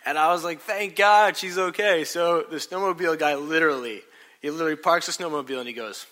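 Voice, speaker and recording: A middle-aged man telling a personal story in a sermon, animated and self-mocking, acting out what people said. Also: fairly high pitch, quick pace, slight background noise.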